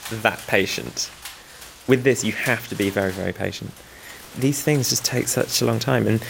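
A man's voice: medium pitch, gravelly, a little hiss or hum. A man who weaves and restores old looms, talking in a documentary interview in a rambling, self-deprecating way with small chuckles.

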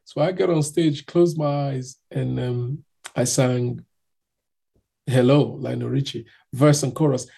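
A man's voice: medium pitch, fairly even intonation, unhurried, vocal fry, dark tone, husky. A man from Nigeria telling his own story in casual chat, acting out other people's voices as he goes.

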